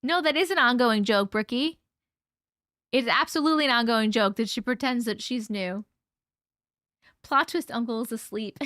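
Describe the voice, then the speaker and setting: A woman chats casually with her livestream viewers, reading their messages aloud and swearing now and then. Her voice sits high and bright, though it sounds strained and worn out. The sound is dry and close, with no room around it. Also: animated, normal speed, long pauses, no echo. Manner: chatty, swears casually, reads chat aloud. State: strained, fading voice.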